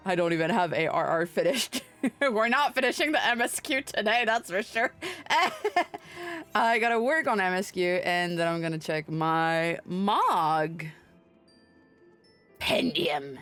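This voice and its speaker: A woman's voice: lowish voice, lively intonation, slow pace, pauses often, a bit bright, soft background music. A woman streaming a video game, chatting casually in a playful, giggly way with sing-song greetings and casual swearing. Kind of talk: casual livestream chat over gameplay.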